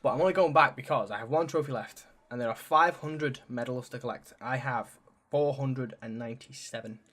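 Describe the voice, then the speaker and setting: A man's voice: mid-range voice, a little fast, fairly bright tone. Rambling man chatting games. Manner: rambling, casual swearing, frequent restarts. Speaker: podcast co-host. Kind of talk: casual chat about video games.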